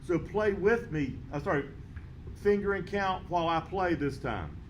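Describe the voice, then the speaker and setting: A man teaching a band lesson, counting beats aloud and explaining rhythm in a steady, patient way. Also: sits high, moderate pace, lo-fi sound, a little hiss or hum. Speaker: music teacher.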